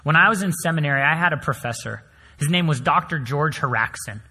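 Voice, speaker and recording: A male pastor preaching a sermon, telling stories with swings between loud emphasis and soft, hushed lines. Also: a little high, fairly quick, breathy edge. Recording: long hall reverb.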